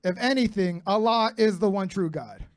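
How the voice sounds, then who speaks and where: A man's voice: high voice, normal speed, smooth. A man in his thirties doing a profane stand-up comedy set, bantering brashly with the crowd. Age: 30s. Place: comedy club stage with live audience.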